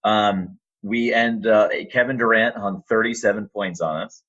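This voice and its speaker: A man with a very low, deep voice tells stories with animated energy, acting out quoted lines as he goes. He sounds like a guest on a casual podcast. The audio is a little dull and lo-fi. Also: a little slow. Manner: animated storyteller, acts out quotes. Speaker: podcast guest, announcer and voice actor. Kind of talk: casual storytelling interview.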